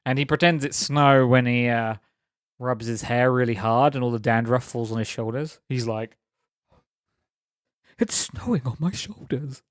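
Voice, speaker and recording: A man's voice: mid-range voice, fairly even intonation, moderate pace, clean tone, dry recording, studio quality. A young man chatting casually on a live stream, rambling, laughing often and teasing viewers.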